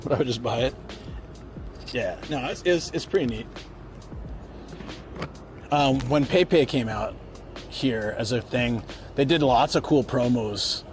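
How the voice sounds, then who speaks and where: During a travel livestream with music underneath, a man speaks in a mid-range voice at a measured pace, leaving long pauses. He chats casually and rambles straight to his audience as he moves from city streets to a parked car.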